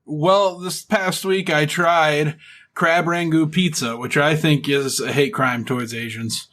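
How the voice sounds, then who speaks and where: Bright-voiced jokey male co-host. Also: fairly high pitch, fairly even intonation, measured pace. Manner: jokey, storytelling. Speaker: podcast co-host. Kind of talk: casual comedic podcast chat.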